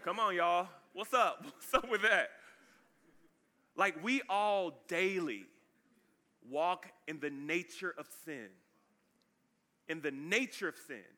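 Bright, high-voiced energetic preacher. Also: male voice, takes it slowly, long pauses. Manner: energetic, casual, calls out to the congregation. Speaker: pastor. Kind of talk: sermon.

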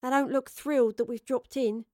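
A woman's voice: fairly even intonation, moderate pace, dark tone, no echo, studio quality, close to an everyday voice. A woman voicing a blunt, sarcastic young female time traveller in a slightly raised voice. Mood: cheeky. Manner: blunt and cheeky, a touch higher than the narration.

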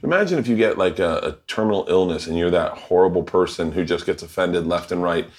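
A man in his forties who hosts a cooking show and tells loud, animated comic stories. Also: sits low, fast talker. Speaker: podcast host and comedian. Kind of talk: comedic storytelling, casual chat.

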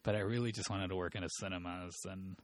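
A man's voice: deep voice, fast. A man telling rambling, profane work stories in casual chat. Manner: profane, rambling, animated storytelling.

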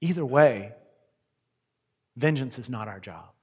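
A man's voice: medium pitch, slow, breathy edge. A man preaching a sermon, telling the story vividly and acting out the characters' lines in changing voices. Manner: animated storyteller who acts out the characters' lines. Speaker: pastor. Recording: long reverb of a large hall.

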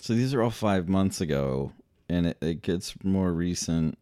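Lively, joking man reacting to a trailer. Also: deep voice, measured pace. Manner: laughs often, animated and joking. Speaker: co-host reacting to a movie trailer. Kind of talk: casual reaction chat.

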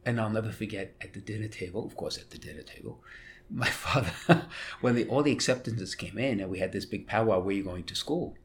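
A middle-aged man with a New York accent, a bishop telling family stories in an interview, animated and laughing as he talks. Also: fairly low pitch, fairly quick, a little hiss or hum. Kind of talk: storytelling interview.

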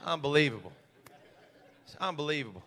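A man preaching a sermon, folksy and stammering, swinging from quiet asides to fiery shouts. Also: on the high side, very animated, a little fast, a faint crowd.

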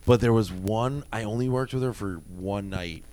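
A man in his thirties, a former bouncer, telling a wild story in casual chat and acting out the quotes loudly. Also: fairly low pitch, normal speed. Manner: animated, profane, acts out quotes with loud jumps.

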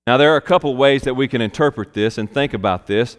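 A man preaching a sermon as a pastor, slow and emphatic, repeating key phrases for weight. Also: mid-range voice, smooth. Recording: long hall reverb.

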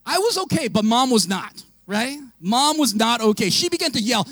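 A male pastor giving an animated storytelling sermon, often raising his voice and laughing. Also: very high voice, moderate pace, dry recording.

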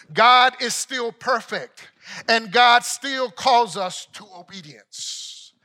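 A man, a pastor, preaching a sermon with emphatic repetition that swells loud and then drops low for scripture.

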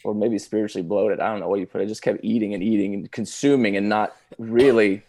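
A man, a pastor telling his personal testimony in casual conversation, halting with many restarts and laughing now and then. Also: fairly low pitch, fairly even intonation, darkish tone.

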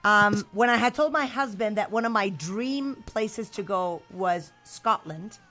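Bright, chatty woman host. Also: medium pitch, a little slow, faint music behind. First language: Spanish. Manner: chatty, playful storytelling. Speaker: radio host. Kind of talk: casual bilingual interview.

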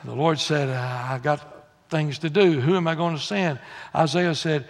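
Preacher, male, high gravelly voice, folksy delivery, church hall reverb. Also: a little slow. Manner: folksy, swings from quiet asides to loud exhortation. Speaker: pastor. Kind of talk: sermon. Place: church sanctuary.

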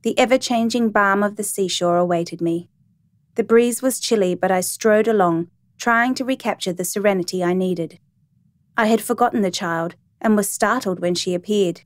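A woman narrating a first-person story in a calm, even, reflective reading voice. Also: mid-range voice, moderate pace, no room sound.

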